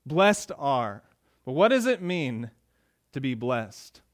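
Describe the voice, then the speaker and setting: A man's voice: mid-range voice, sing-song, a little slow. A man preaching a sermon to his congregation, talking casually and rising with emphasis when he reads out verses. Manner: conversational preaching, rising emphatic on quoted lines. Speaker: pastor.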